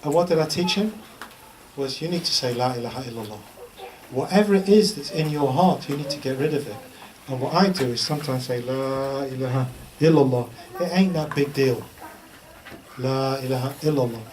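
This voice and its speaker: An Islamic teacher with a fairly quick, slightly mellow, higher-pitched male voice gives an informal religious talk in a lecture room. He's chatty and humorous, telling stories and repeating a chant. The mic sits at a distance, with faint background noise.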